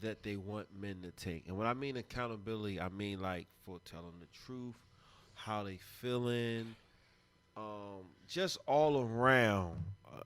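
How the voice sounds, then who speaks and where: A man's voice: fairly low pitch, unhurried. A man hosting an uncensored podcast, teasing and joking crudely with his co-hosts in casual banter. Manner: teasing, loud bursts, crude jokes. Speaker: podcast host. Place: podcast studio. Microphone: studio mic.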